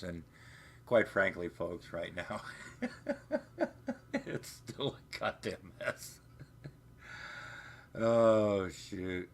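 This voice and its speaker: A man with a low, creaky, husky voice and a sharp tone runs a livestream from home, staying off camera. He meanders through rambling chat and swears freely.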